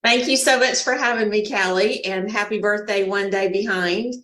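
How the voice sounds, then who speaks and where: A woman's voice: mid-range voice, steady tone, moderate pace, a bit bright. Southern woman in her fifties, echoey. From Georgia, US. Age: 50s. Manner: folksy, uses y'all. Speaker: guest. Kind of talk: casual chat on a webinar. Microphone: video call.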